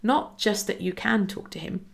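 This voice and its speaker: A woman's voice: medium pitch, moderate pace, gravelly. A woman hosting a devotional podcast, talking in an earnest, encouraging way and acting out little conversations as she goes. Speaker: podcast host. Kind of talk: casual devotional podcast talk.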